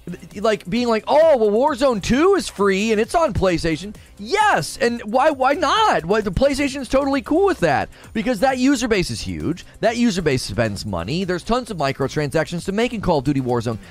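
A man arguing heatedly in a casual talk show, with a fairly high, very lively voice that rises and falls as he presses his case. He repeats himself for emphasis, and faint music plays underneath. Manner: argumentative, emphatic, repeats points.

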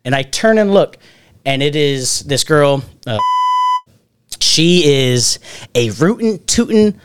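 Speaking slowly in a voice on the high side, a podcast host with Alabama family roots rambles through long party stories in relaxed conversation. His telling is profane and lively, full of acted-out quotes.

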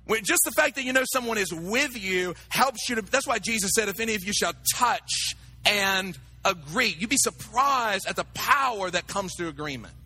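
A man preaching a sermon, animated and talking to his congregation with acted asides. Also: sits high, normal speed, few pauses, a little hiss or hum. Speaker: pastor.

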